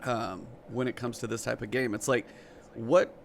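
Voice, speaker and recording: Gravelly dude cohosting a podcast, rambly questions, laughs a lot. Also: male voice, mid-range voice, steady tone, moderate pace, a little hiss or hum. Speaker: podcast co-host. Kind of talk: casual podcast interview.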